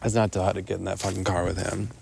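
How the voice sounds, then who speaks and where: A young adult podcast host telling a long personal story outdoors in a rambling, casual way, full of "like" and "um". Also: male voice, deep voice, level tone, racing, creaky, darkish tone, slight background noise. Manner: rambling, lots of "like" and "um", mimics others in quotes. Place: outdoors walking in the woods.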